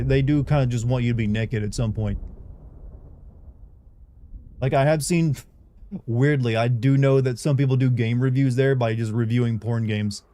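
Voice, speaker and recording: A man's voice: medium pitch, mellow. A young man chatting casually on a livestream, rambling and candid as he talks to his viewers.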